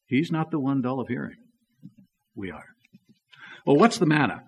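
A man's voice: mid-range voice, big pitch swings, moderate pace, long pauses, breathy edge. A man preaching a sermon in an easygoing, conversational way, telling a story and reading scripture with plenty of fillers.

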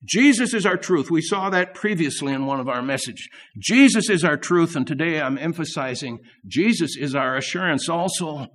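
A man preaching a sermon, earnest and repeating key phrases, swelling up and then dropping to soft asides. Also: sits high, expressive, moderate pace. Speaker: pastor.

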